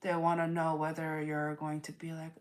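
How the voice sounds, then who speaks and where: A woman's voice: sits low, completely flat delivery, normal speed. A woman giving a live tarot reading, earnest and repetitive, full of rhetorical questions. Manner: earnest, repeats herself, asks rhetorical questions. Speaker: tarot reader.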